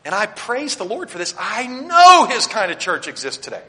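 A man preaching a sermon with a bright, forceful voice that sits somewhat high. He swings between loud emphatic declarations and quiet asides, speaking straight to the congregation. The sound rings with the long reverb of a church sanctuary. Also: wildly swooping pitch, normal speed. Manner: addresses the congregation directly and points them to their notes. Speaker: Baptist pastor.

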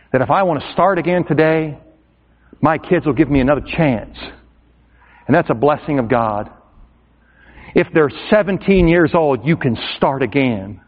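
A man preaching a sermon to a congregation, impassioned and swinging into shouted emphasis. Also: on the high side. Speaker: pastor. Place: church hall. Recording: tinny, echoey hall recording.

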